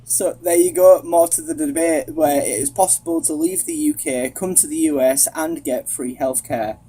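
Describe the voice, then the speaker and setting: A man's voice: fairly high pitch, very animated, normal speed, gravelly, warm tone, breathy edge. A man from England with a Yorkshire accent, calling into a live stream and telling his story in an easygoing way. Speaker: caller. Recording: faint background noise.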